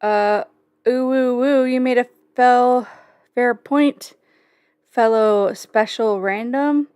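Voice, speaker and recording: A woman's voice: a little high, takes it slowly, darkish tone, clean tone, dry recording, clean studio sound. A young woman hosting a casual livestream from home, rambling and joking with plenty of swearing and filler words. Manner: profane, jokey, rambling with many fillers. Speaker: livestream host.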